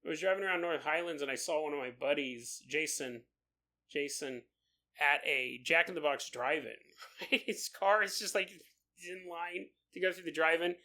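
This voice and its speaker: A man hosting a podcast livestream, telling stories in a casual, animated way and laughing often as he reads listener comments. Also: on the high side, normal speed. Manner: animated storyteller, laughs often mid-sentence. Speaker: podcast host.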